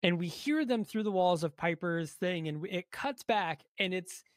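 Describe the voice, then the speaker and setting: Podcast co-host, mid-pitched, animated scene-by-scene retelling, dry close mic. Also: unhurried, no echo. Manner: animated retelling of scenes, swears, acts out quotes. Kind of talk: casual movie review chat.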